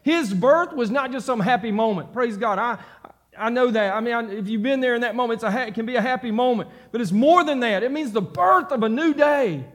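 Male pastor, high voice, fervent sermon delivery with repeated emphatic lines. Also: animated, a little fast, a bit bright. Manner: impassioned preaching, repeats phrases for emphasis. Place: church sanctuary.

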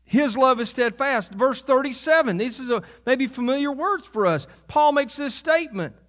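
A man's voice: very high voice, lively intonation, normal speed, fairly bright tone. A man preaching a sermon as pastor, conversational, with asides and laughs at himself.

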